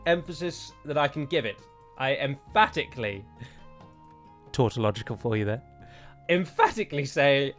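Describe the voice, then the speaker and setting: A man's voice: medium pitch, animated, normal speed, pauses often, a bit bright, faint music behind. A man playing a strategy game and commenting as he goes, chatty and thinking aloud with frequent digressions. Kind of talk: let's play commentary.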